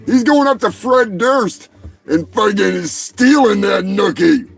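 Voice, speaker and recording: A man hosting a comedy show, ranting in a rambling, profane way that often breaks into shouting. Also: high-pitched, lively intonation, slow, vocal fry. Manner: rambling, shouting, heavy swearing. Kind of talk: profane comic rant.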